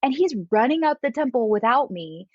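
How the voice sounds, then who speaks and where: A woman's voice: high-pitched, sing-song, brisk, highs cut off, noisy background. A woman guest casually telling a story, acting out quotes and laughing often. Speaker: podcast guest.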